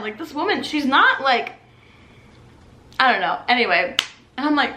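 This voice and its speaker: A young woman in her twenties tells stories about her shifts as a server in a lively, chatty way and slips into other people's voices. Her voice is bright and sits fairly high. The room around her rings with echo. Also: moderate pace, long pauses. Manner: animated, acts out customers' voices. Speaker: vlogger and restaurant server. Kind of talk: casual storytime chat.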